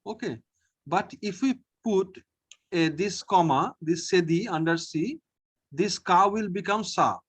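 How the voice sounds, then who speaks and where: Slow, patient man teaching French letters. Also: high-pitched, expressive, a bit bright, husky. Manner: slow, patient, repeats each sound, often says okay. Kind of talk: online language lesson.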